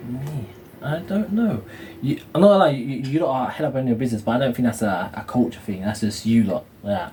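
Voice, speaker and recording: A man's voice: medium pitch, fairly quick. A man talks in an easygoing, casual way, stumbling and repeating words as he goes. Faint background noise sits behind his voice. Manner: relaxed, hesitant, repeats words. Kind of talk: casual chat.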